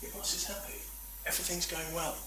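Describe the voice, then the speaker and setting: A man's voice: high voice, steady tone, a little fast, sharp tone, slight background noise. A man giving a chatty, self-deprecating talk at a meetup, full of rambling asides. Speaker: conference speaker. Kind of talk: presentation talk. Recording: echoey room from far off.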